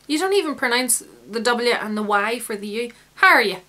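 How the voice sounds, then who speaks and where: A woman's voice: on the high side, fairly quick, a bit bright. A young Northern Irish woman vlogging casually, rambling and laughing at herself as she chats. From Northern Ireland. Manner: rambling, self-mocking, laughs often. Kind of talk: casual chatty vlog.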